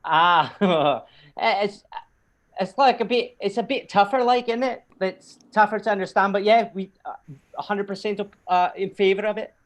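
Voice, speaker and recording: A man's voice: sits high, normal speed, pitched above the performer's own voice, lightly acted. A man doing a chirpy Mancunian. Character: excitable Mancunian man backing Brexit.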